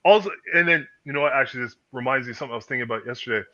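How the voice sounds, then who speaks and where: Podcast host, man, lively storyteller who swears freely; slightly dull lo-fi audio. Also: mid-range voice, very fast. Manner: animated storyteller, acts out quoted voices, swears freely. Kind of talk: casual chat.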